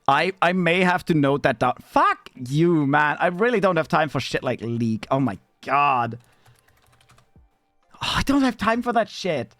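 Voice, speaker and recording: Lively, rambling male streamer. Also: dry recording. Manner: rambling and profane, jumping into squeaky high bits. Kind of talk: casual live-stream chat.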